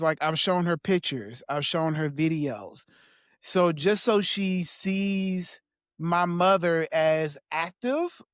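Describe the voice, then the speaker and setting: A man as a podcast guest, talking in a soft, halting way with small laughs as he reflects on personal memories. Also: high voice, smooth, no room sound, clean studio sound.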